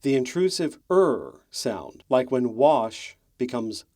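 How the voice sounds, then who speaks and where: Measured male documentary narrator. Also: mid-range voice, big pitch swings, dark tone. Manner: measured, explanatory.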